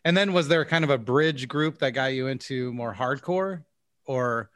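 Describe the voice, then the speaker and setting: A man's voice: mid-range voice, moderate pace, fairly bright tone, no echo, clean studio sound. A man co-hosting a podcast, joking and loose, swearing casually. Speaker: podcast co-host. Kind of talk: casual chat.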